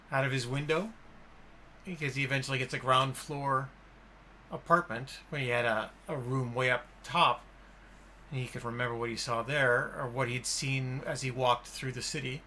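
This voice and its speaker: A man's voice: mid-range voice, slight background noise. A man hosting a podcast, enthusiastically retelling and discussing a film in casual chat. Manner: enthusiastic, animated retelling with acted-out quotes. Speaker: podcast host.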